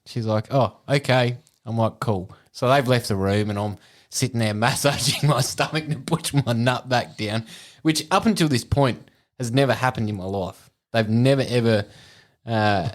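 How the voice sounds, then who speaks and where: A man's voice: medium pitch, normal speed. An Australian man, a podcast co-host, telling a crude story in casual chat and laughing through it.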